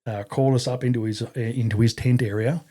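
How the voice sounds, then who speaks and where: Profane Australian man with a mellow voice. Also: mid-range voice, fast talker. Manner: profane, animated, acts out quoted voices. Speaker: podcast guest, army veteran. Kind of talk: casual storytelling.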